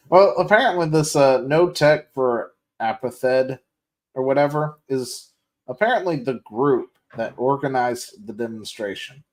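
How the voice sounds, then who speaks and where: A man's voice: mid-range voice, lively intonation, measured pace. Sarcastic podcast host guy reading the news, cusses, keeps laughing. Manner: sarcastic, laughs often, swears freely. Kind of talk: casual gaming podcast chat, reading news aloud.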